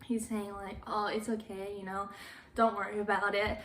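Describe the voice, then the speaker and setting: A young woman casually retelling a movie plot, chatty and laughing often, dropping to a hush when she quotes characters. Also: mid-range voice, little pitch movement, moderate pace, reverberant, a little hiss or hum. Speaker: movie recap vlogger.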